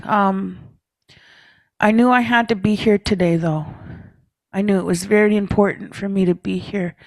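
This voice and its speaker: A woman telling a personal story to a leaders' meeting, relaxed, often ending phrases with "hey?" or "eh?" and clearing her throat. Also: mid-range voice, no echo. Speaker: speaker at a First Nations leaders' caucus. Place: meeting room.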